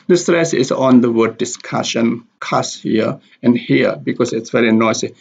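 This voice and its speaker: A man teaching English pronunciation, explaining stress and repeating example words slowly and deliberately. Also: medium pitch, vocal fry, darkish tone, slightly rough. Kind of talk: slow explanatory lesson with spoken examples. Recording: dull lo-fi recording.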